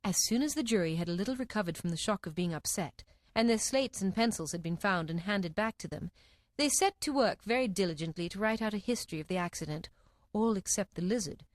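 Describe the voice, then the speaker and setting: A woman reads a storybook aloud with a very lively, sweeping pitch. Her voice sits mid-range and the recording is dry and close, with no room sound. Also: brisk, no echo. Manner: expressive, animated reading. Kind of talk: scripted story narration.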